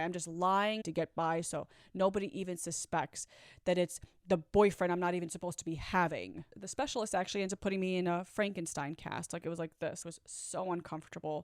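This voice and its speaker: A woman's voice: on the low side, fairly quick, dry recording, studio quality. A woman candidly telling her own story in a conversational, blunt way, sometimes swearing. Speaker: vlogger. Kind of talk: personal storytelling.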